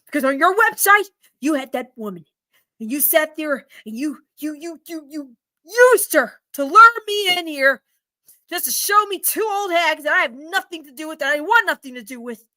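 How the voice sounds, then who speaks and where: A woman's voice: high voice, moderate pace, long pauses, bright, forceful tone, dry recording. A woman voicing an angry, frustrated middle-aged male customer who rants and stammers in indignation. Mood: ranting. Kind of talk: storytelling role-play.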